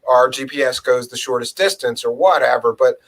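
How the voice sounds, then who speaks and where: A man's voice: mid-range voice, brisk, a bit bright, poor audio. A man chatting casually and bluntly, swearing and quoting people in his stories. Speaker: co-host, former rideshare driver. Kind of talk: casual storytelling chat.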